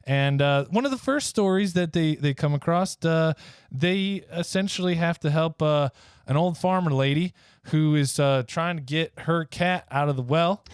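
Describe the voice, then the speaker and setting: A male podcast co-host carrying on an improvised comic tale and stumbling often over uhs and ums. His voice is smooth and clear. The sound is close and dry, with no room echo. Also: a little high. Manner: halting, hesitant, many uh and um.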